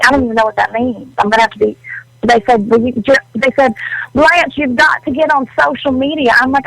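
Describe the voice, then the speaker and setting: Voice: medium pitch, gravelly, noisy background, lightly acted. A performer voicing a fussy Southern society lady columnist who stammers and fusses, calling in to a radio show. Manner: flustered, prissy, hesitant restarts. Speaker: celebrity hotline caller. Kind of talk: comedy character bit on radio.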